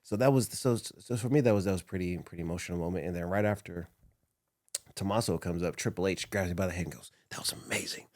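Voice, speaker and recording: Man, deep voice, dry close sound, casual storytelling, laughs a lot. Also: quick pace, a little mellow, no echo. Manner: laughs often, emotional recollection. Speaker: interview guest, former wrestler.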